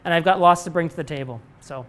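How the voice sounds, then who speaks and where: A man's voice: fairly high pitch, fast, fairly bright tone. A middle-aged man, a company president, answering student questions in a live talk, candid and rambling with frequent restarts and casual swearing. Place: lecture room before a live audience.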